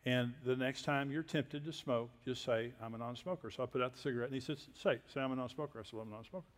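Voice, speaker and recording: Folksy older preacher in a reverberant hall. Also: male voice, mid-range voice, fast. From Texas. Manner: folksy, self-deprecating storytelling with quiet asides. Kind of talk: sermon storytelling.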